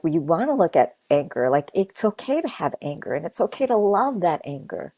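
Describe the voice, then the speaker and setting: A woman's voice: lowish voice, mellow, no echo. A young adult woman teaching earnestly in a casual conversational way, repeating key phrases like a mantra and leading a short guided meditation. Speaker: guest spiritual teacher.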